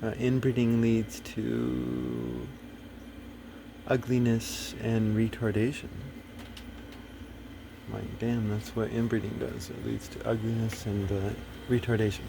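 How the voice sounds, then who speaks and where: A man's voice: lowish voice, slow, vocal fry, noisy background. A man talking casually to the camera, rambling and blunt, full of fillers, restarts and swearing. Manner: profane, blunt. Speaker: video host.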